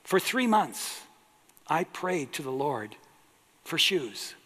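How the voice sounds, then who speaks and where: A man's voice: a little high, sing-song, slow, a bit bright, husky, exaggerated voice. A preacher voicing a fervent praising churchwoman. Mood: joyful. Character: joyful devout woman praising God in church. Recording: long echo of a large hall.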